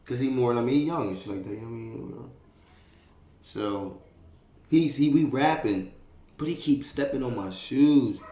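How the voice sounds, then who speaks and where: A young man tells a story in a loose, streetwise way, swearing freely and filling the gaps with sound effects and checks on his listener. His voice sits at an ordinary middle pitch. The room around him rings with a clear echo. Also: normal speed, pauses often. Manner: streetwise, profane, animated, fillers like "you know what I mean". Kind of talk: casual storytelling.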